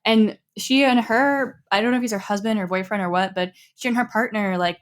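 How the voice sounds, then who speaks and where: Young woman, podcast co-host, loose chatty storyteller, middle pitch. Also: brisk. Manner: chatty, animated storytelling with quoted asides. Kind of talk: casual chat.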